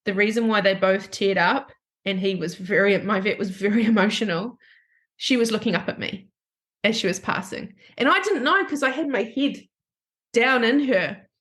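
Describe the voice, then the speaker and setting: A woman counselor telling a personal story in a podcast interview, halting and breaking off her sentences to restart them. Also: mid-range voice, a bit bright. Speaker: grief counselor guest.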